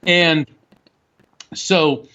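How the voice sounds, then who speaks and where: A man being interviewed as a guest author, telling an animated anecdote that is full of fillers and restarts. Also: fairly high pitch, drawn-out words, dull audio, noisy background. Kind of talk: storytelling interview.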